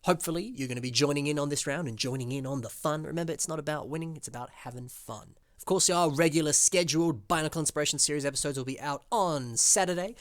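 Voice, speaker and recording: A man's voice: on the high side, fast, hardly any pauses, no room sound, studio quality. A man from Australia with an Australian accent, hosting and chatting enthusiastically about builds in casual commentary, with plenty of fillers. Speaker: host reviewing fan-built models.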